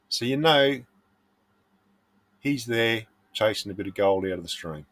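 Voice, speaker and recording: A man's voice: lowish voice, expressive, unhurried, long pauses, a bit bright. A middle-aged Australian man, a prospecting vlogger, giving earnest, blunt advice in a casual monologue.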